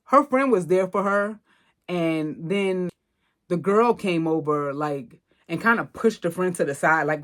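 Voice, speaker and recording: A woman hosting a podcast, recapping a film in a chatty, slangy, expressive way. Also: fairly low pitch, moderate pace. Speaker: podcast host. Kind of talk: casual movie recap.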